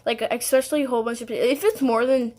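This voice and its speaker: A young woman vlogs straight to her viewers, telling a story in a loose, rambling way. Her voice sits a little high, and she fills it with "like," "um" and small giggles. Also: fairly even intonation, very fast, darkish tone. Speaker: vlogger. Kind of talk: casual storytelling to camera.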